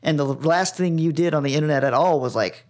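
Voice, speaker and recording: A man's voice: fairly high pitch, brisk. A man co-hosting a comedy podcast, chatting playfully and often laughing. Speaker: podcast co-host. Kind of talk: casual comedy chat.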